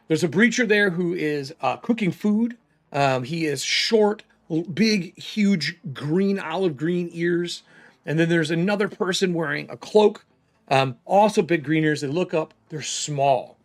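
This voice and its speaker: Guy running a solo tabletop game, casual, talks through his dice rolls, slightly high voice, faint music behind. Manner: casual, thinking aloud, rolling dice.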